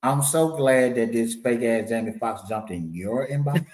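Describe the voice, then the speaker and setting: A man's voice: medium pitch, moderate pace, a little mellow. Laid-back man in casual chat. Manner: laid-back, conversational, repeats himself for emphasis.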